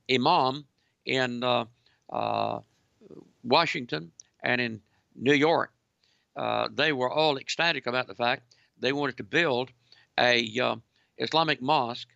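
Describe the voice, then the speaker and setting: A man hosting a call-in radio show, delivering a preachy, emphatic monologue that keeps returning to "ladies and gentlemen". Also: medium pitch, vocal fry, dry recording, dull audio. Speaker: radio talk show host.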